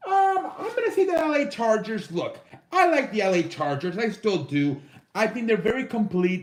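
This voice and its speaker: This man's high voice rings reverberantly as he ranks football teams in casual sports commentary on his show. He's a relaxed, profane host who leans heavily on fillers.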